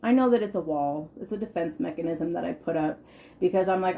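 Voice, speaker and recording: A woman in her thirties hosts a podcast, speaking candidly and emphatically about her own life in a lowish, fairly quick, creaky yet mellow voice. She repeats words for stress and swears casually, with slight background noise.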